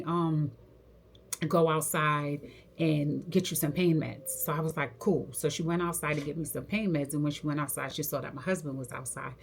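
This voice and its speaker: A young woman tells her story straight to camera in a low voice. She talks in slang and keeps acting out what each person said, in an animated, lively way. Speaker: hair stylist telling her story.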